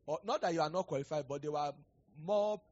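A male pastor preaching a sermon, animated and acting out conversations, rising to loud declarations. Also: a little high, very fast, dull audio. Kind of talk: sermon with prophecy and storytelling.

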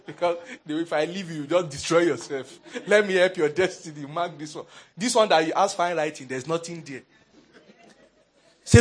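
A man preaching a sermon in an animated, humorous way, laughing often. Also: fairly high pitch, normal speed. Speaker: pastor.

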